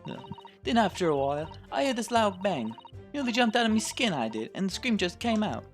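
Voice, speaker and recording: A man's voice: high-pitched, very animated, a little fast, soft background music, pitched above the performer's own voice. A man voicing a cocky young female pickpocket. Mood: chatty. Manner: brash, defiant, slangy.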